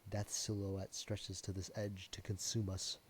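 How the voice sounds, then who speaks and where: A man voicing a gloomy theatrical figure who laments death in hushed, overwrought old-fashioned speech. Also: sits low, monotone, measured pace, a little hiss or hum. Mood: melodramatic.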